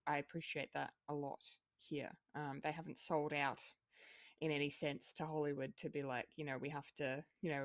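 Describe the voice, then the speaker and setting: A woman's voice: deep voice, dry recording, clean studio sound. A woman co-hosting a podcast, chatting casually with frequent ums and restarts. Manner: hesitant, many ums and restarts. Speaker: podcast co-host.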